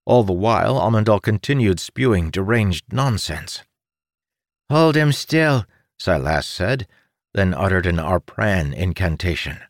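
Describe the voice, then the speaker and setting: A man narrating a fantasy story as an audiobook reader, in a dramatic, expressive read that leaps up for the characters' shouts. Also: deep voice, moderate pace, no room sound, studio quality.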